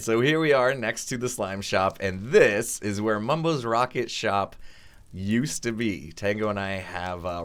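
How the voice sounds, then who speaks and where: A man's voice: on the low side, a bit bright. Upbeat young man with a cold. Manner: upbeat and chatty, laughs often. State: has a cold, voice in and out. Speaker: gaming video host. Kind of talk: casual gameplay commentary.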